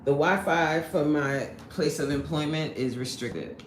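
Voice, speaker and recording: A woman's voice: sits low, a little slow. A woman hosting a casual live stream, chatting and greeting viewers, laughing often, indoors at her workplace. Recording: roomy echo, faint background noise.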